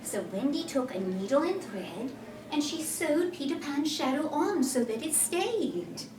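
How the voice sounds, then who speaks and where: A woman giving a one-woman storytelling performance in character, playful and animated, speaking straight to her listeners, recorded from a distance in a roomy hall. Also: sits high, a little slow, noisy background.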